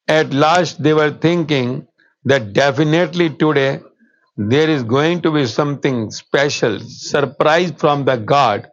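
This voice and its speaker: A man giving a spiritual discourse, telling a story slowly and earnestly. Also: a little high. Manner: slow, earnest storytelling, quotes with rising emphasis. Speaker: spiritual teacher. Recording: dull, slightly lo-fi sound.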